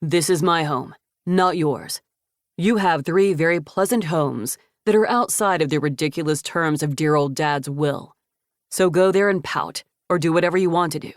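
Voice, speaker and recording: A protective young man in an audiobook, firm and defiant toward his mother, read by a woman narrator. The voice stays low and steady, with a dry, close sound. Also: moderate pace, no room sound, close to an everyday voice.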